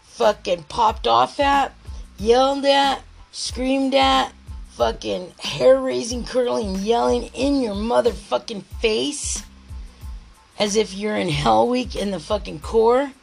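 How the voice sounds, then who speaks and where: A woman's voice: a little high, slow pace, vocal fry, soft background music, poor audio. A woman podcast host in a rambling, heated monologue, swearing constantly and restarting her thoughts.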